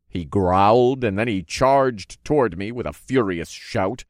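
A man's voice: fairly low pitch, expressive, measured pace, few pauses, dry recording, studio quality. A man narrating a first-person fantasy story in an easygoing, wry manner.

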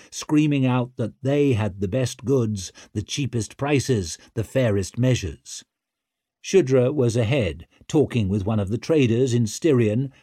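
A man reading a fantasy novel aloud in a vivid, expressive storytelling manner. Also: medium pitch, husky, no echo, clean studio sound. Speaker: audiobook narrator. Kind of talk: scripted fantasy narration.

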